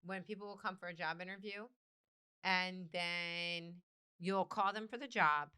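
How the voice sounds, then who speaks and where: A woman's voice: fairly low pitch, unhurried, sharp tone, clear, resonant tone. A woman co-hosting a casual talk show, blunt and matter-of-fact, now and then swearing. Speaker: co-host. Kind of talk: casual chat.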